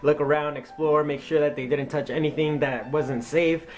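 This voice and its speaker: A young man vlogging a personal story, excitable and acting out his own lines of dialogue. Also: on the high side, normal speed. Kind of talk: storytelling vlog.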